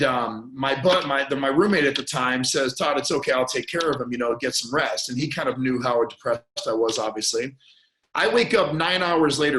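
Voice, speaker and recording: A man's voice: mid-range voice, a bit bright. An earnest man tells a painful personal story as a podcast guest, stumbling through restarts and repeated words. His voice catches with emotion now and then. The sound has a roomy echo around it. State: choked up at moments.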